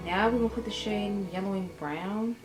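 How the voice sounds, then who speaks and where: A woman's voice: medium pitch, normal speed. A woman, chatting casually through a makeup tutorial for her viewers, rambling and calling them y'all. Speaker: beauty vlogger. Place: room at home. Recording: echoey room with music behind.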